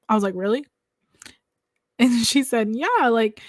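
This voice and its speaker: A woman's voice: on the high side, normal speed, long pauses, no room sound. A young woman, a podcast guest, telling her personal story and animatedly acting out the people she quotes. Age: young adult. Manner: animated, acts out quoted voices, talks with hands. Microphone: lavalier mic.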